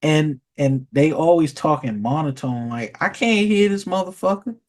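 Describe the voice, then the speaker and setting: A man's voice: fairly high pitch, expressive, moderate pace. A man ranting casually in a vlog, rambling and profane, often restarting and repeating words. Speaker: vlogger. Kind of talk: casual storytelling rant.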